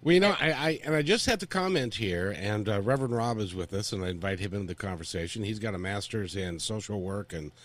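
A man's voice: fairly low pitch, fairly quick, few pauses. An older man hosting a casual panel talk, joking and often restarting his sentences. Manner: joking, self-interrupting, lively. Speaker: talk show host.

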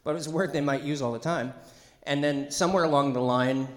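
A middle-aged male pastor delivers a loose, conversational sermon in a church. He jokes, wanders into asides and calls out to the congregation for responses, with a voice of ordinary pitch. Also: fast, reverberant. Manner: chatty and joking, with asides and call-and-response. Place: church sanctuary.

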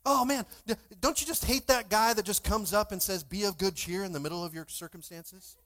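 A young man preaching a lively sermon as pastor, calling out to his congregation in church. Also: high-pitched, fairly quick. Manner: animated, calls out to congregation.

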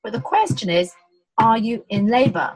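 A middle-aged woman, a birth educator, explaining labour in casual conversation, animated, acting out quotes with many restarts. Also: a little high, normal speed, husky, soft background music, rough recording.

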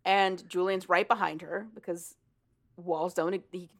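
A woman casually recapping a story for a co-host, animated and profane, laughing often as she talks. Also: lowish voice, a little slow. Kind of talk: casual chat.

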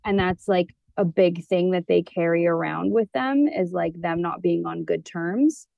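A woman's voice: on the low side, a little slow, vocal fry, no room sound, highs cut off. A woman therapist talking as a podcast guest in an earnest, rambling way, with many fillers, and sounding teary. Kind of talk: casual conversation.

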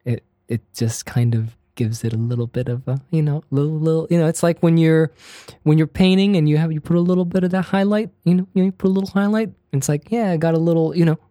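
A man's voice: a little high, fairly even intonation, fast talker, mellow, no room sound, studio quality. A man co-hosting a podcast in casual chat, laid-back and playful, often trailing off mid-sentence. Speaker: podcast co-host.

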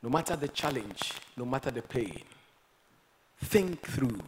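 A man preaching a sermon, moving between quiet, reflective passages and loud, emphatic exhortation. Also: mid-range voice, expressive, a little slow, a little hiss or hum, rough recording. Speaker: pastor.

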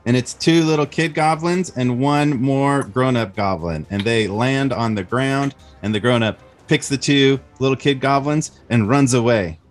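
A man leads a tabletop game in an easygoing, chatty narration full of little fillers. His voice sits at an ordinary middle pitch, with faint music playing in the background. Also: a little slow, hardly any pauses. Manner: casual, friendly, filler-laden narration. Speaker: game master.

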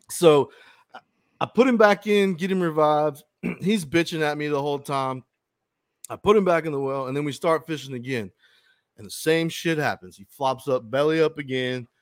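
A man's voice: fairly high pitch, dry recording, studio quality. A man hosting a fishing podcast, telling a long story in casual chat, rambling and swearing often. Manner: rambling, profane, with frequent restarts.

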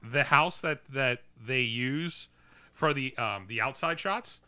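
A man's voice: mid-range voice, slow pace, pushed and bright, smooth, no echo. A man co-hosting a movie podcast, sharing film trivia with many hesitations. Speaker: podcast co-host. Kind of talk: casual movie review chat.

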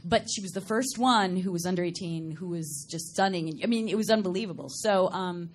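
A woman's voice: fairly low pitch, brisk. A middle-aged woman from Long Island, New York, with no regional accent, chatting as a talk show guest in a rambling way and laughing often. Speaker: guest actress. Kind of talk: casual talk show chat.

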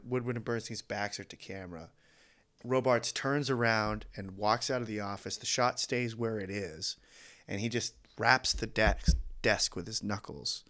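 A man co-hosting a podcast, talking casually and excitedly about a film, laughing often and swearing now and then. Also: medium pitch. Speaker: podcast co-host.

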